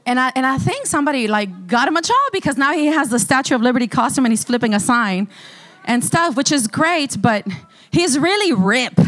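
A woman's voice: high voice, a little fast. A woman pastor giving a testimony during a church service, telling her story with lots of laughter. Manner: animated storytelling, breaks into laughter often. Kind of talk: sermon testimony.

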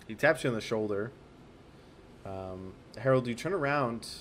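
A man's voice: mid-range voice, animated, moderate pace, a bit bright, slight background noise. Hesitant man narrating a game. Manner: hesitant, many ums. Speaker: game master.

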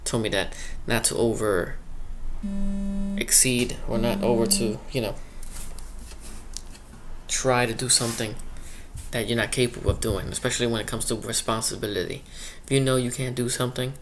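A man hosting a one-man comic monologue about the workplace, chatting casually and acting out coworkers in quick quoted bits. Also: medium pitch, fairly even intonation, a little hiss or hum. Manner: chatty, acts out quoted coworkers, laughs at own stories. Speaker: one-man show host. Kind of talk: rambling comic monologue about work life.

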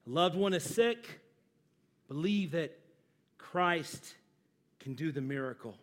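A pastor preaching a sermon, moving from loud emphatic lines to low hushed phrases, chatting with and joking with his congregation. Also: lively intonation, slow. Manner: conversational, asks the congregation questions and jokes with them.

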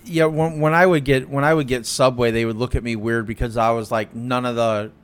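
A man's voice: mid-range voice, fairly quick, clear, resonant tone. A man co-hosting a podcast in casual chat, telling stories with lots of swearing and acting out what people said. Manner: animated storytelling, swearing, acts out quotes loudly. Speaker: podcast co-host.

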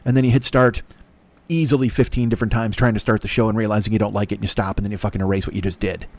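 An older man hosts a solo podcast into a laptop microphone, speaking in a fairly low voice with a flat, rapid-fire delivery. His comedic rant rambles through profane, self-mocking tangents.

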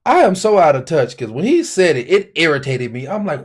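A man's voice: fairly high pitch, very animated, brisk, hardly any pauses, heavy background noise. A man co-hosting a casual podcast, joking and acting out exaggerated quotes as a father. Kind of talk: casual chat.

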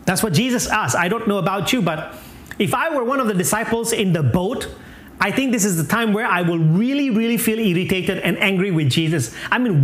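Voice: mid-range voice, lively intonation, brisk. A preacher giving a sermon, emphatic, repeating key phrases and chuckling now and then. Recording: echoey room.

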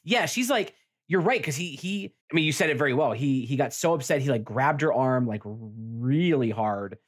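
A man's voice: on the high side, fairly quick, breathy edge. A man co-hosting a podcast, chatting casually about a TV series, rambling with many restarts and acting out lines. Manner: rambling, restarts often, acts out quotes. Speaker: podcast co-host. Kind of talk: casual chat reviewing a TV show.

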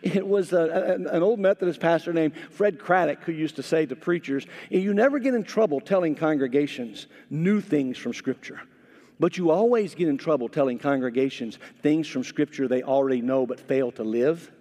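A middle-aged male pastor delivers a sermon in a chatty, repeating style, with a slightly higher voice than most men. He swings into animated emphasis at times. His voice rings with the long reverb of a church hall. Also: normal speed. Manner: conversational preaching, repeats words, rises to animated emphasis.

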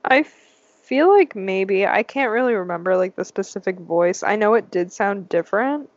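A woman's voice: mid-range voice, lively intonation, moderate pace, no echo, muffled recording. A woman co-hosting a podcast, chatting casually and rambling with many fillers. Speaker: podcast co-host. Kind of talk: casual chat.

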